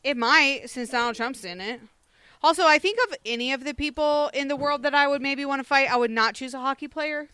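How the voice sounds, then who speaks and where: A woman co-hosting a radio show, reading celebrity news in a brisk, dismissive casual way. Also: sits high, pushed and bright, dry recording.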